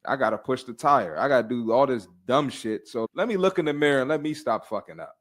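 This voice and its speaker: Blunt, animated young man host. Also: medium pitch, quick pace. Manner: blunt, animated, slangy, laughs a lot. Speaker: fitness podcast host. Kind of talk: casual podcast banter.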